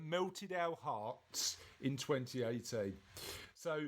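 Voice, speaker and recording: A man's voice: fairly high pitch, normal speed, a bit bright. A man from southeast England co-hosting a podcast, chatting casually and reading news aloud in a jokey way that stumbles over words. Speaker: podcast co-host.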